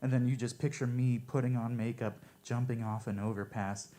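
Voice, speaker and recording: A man performing stand-up one-liners at a coffee shop open mic, with a deadpan, offhand delivery. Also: medium pitch, moderate pace.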